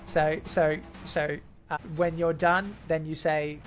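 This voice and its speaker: Low-voiced rambling woman game master. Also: flat delivery, slow pace, faint music behind. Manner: rambling, many fillers and restarts. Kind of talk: narrating a tabletop game.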